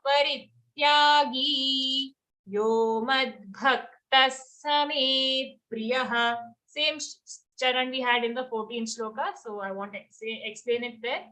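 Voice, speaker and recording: A woman's voice: fairly high pitch, pushed and bright. A woman teaching Sanskrit verse pronunciation, chanting lines and repeating words syllable by syllable. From India.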